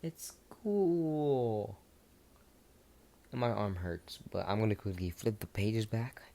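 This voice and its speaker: A young man improvising a fan story in a casual, rambling way. His voice is low and dark, with a relaxed warmth. He restarts often and wanders into asides. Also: moderate pace, gravelly.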